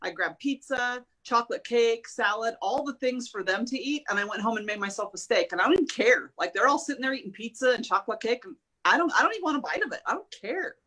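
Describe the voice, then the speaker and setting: A woman chatting casually, telling personal stories in an animated way and acting out her own and others' lines. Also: fairly high pitch, fast talker. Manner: animated storyteller, quotes herself and others. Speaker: guest sharing a diet journey. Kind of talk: casual chat.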